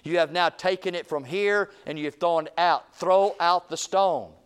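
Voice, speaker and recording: A man preaching a revival sermon, repeating phrases and swinging from booming calls to hushed, low lines. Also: a little slow, clear, resonant tone.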